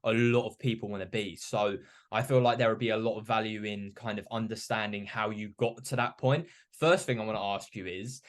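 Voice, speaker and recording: A man's voice: fairly low pitch, fairly even intonation, a little fast. A young man hosting a podcast, talking reflectively in a rambling way full of "you know" and "like". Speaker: podcast host. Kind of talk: casual podcast chat.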